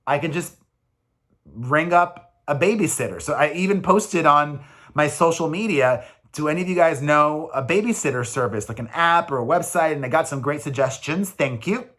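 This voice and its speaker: Male vlogger, 40s, slightly high voice, rambling and emphatic, casual confessional delivery. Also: lively intonation, moderate pace, a bit bright. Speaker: vlogger, single father.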